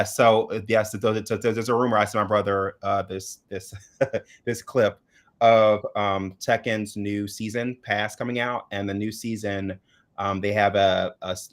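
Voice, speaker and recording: A man co-hosting a casual chat show, hesitant and searching for words with many fillers. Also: lowish voice. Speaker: co-host.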